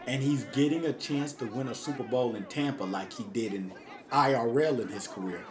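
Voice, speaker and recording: A man's voice: mid-range voice, normal speed, a crowd in the background. A man doing casual, hyped commentary over his own video game, talking straight to his viewers in slangy speech. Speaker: gaming YouTuber.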